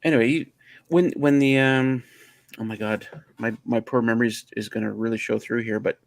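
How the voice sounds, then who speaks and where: A man's voice: medium pitch, steady tone, brisk, gravelly, dry recording. A man co-hosting a livestream, chatting casually and rambling as he searches for words. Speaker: livestream co-host. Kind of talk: casual chat.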